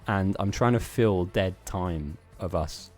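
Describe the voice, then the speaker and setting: A man's voice: deep voice, slow pace, a little mellow, soft background music. A man hosting a live-streamed game tournament, chatting casually in a rambling, self-mocking way with frequent laughs.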